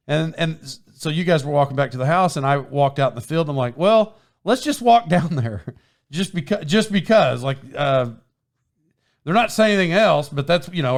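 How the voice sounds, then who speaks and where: A man with a somewhat high voice tells a story on his podcast in loose, casual chat. He rambles, restarts his sentences and laughs as he goes, speaking into a microphone with a foam windscreen. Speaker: podcast host.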